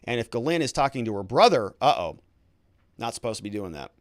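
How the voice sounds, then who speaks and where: Male lawyer host, casual explainer, lively pitch, dry close sound. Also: fast, dry recording. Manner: conversational, explanatory, with filler words. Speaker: attorney commentator. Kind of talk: legal commentary.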